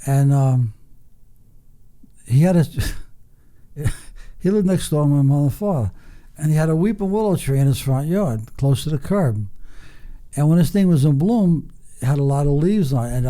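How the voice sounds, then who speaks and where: A man's voice: fairly high pitch, lively intonation, moderate pace, pauses often, warm tone. An older man, telling salty, profane stories with a chuckle as a guest. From Long Island, New York. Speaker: guest, racing veteran. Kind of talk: casual storytelling.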